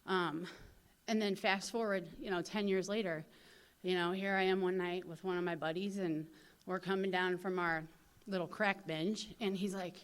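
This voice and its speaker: Woman, slightly low voice, from St. Louis, recovery convention speaker, casual storytelling, lots of "you know". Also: moderate pace. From St. Louis, USA. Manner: acts out other people's lines with lively voice shifts. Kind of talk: personal recovery talk. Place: convention hall.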